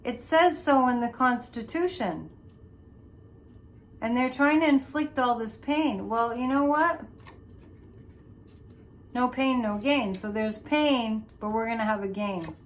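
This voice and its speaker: A woman's voice: fairly high pitch, a little hiss or hum. Woman rambling thru a tarot reading on her own show, chatty, lots of restarts. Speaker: psychic show host. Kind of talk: casual tarot reading commentary.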